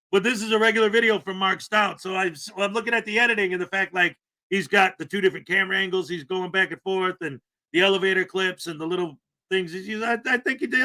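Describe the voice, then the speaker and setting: A middle-aged man hosts a live commentary stream, rambling, laughing and mocking in a sarcastic way. His voice sits high for a man. It also sounds very bright and sharp. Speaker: host.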